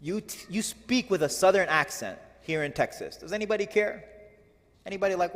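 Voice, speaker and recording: Male religious teacher, lively lecturing delivery with rhetorical questions, somewhat high pitch, long hall reverb. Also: fairly quick. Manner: animated, rhetorical questions to the audience. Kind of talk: lecture explaining classical poetry.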